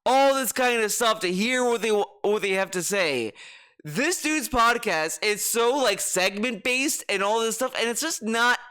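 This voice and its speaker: A man's voice: very high-pitched, lively intonation, unhurried, pushed and bright, clean tone. A man streaming his reaction to videos, ranting with heated, profane sarcasm. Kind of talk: ranting commentary.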